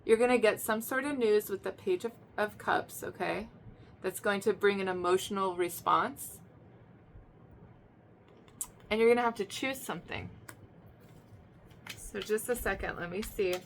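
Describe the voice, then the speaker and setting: A woman's voice: mid-range voice, normal speed, vocal fry, slight background noise. Chatty woman doing a tarot reading. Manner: chatty, repeats herself, many fillers and restarts; emphatic, swings to loud excited bursts. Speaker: tarot reader. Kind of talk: casual spoken tarot reading.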